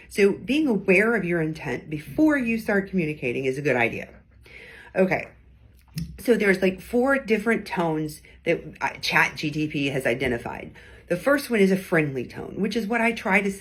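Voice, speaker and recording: A middle-aged woman with a low, husky voice talks straight to her viewers in a relaxed, teaching way. She drops into brief acted examples to show what she means, then returns to her easy conversational delivery. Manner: conversational, acts out tones in short quoted bits. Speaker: host giving weekly advice. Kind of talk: casual teaching talk to camera.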